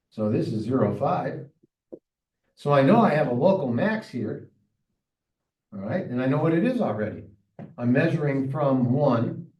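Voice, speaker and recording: A man's voice: mid-range voice, highs cut off. A male math teacher working through problems aloud in a recorded lesson, chatty and talking to himself as he solves. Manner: thinking aloud, chatty and self-talking while solving. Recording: echoey room, mic far off.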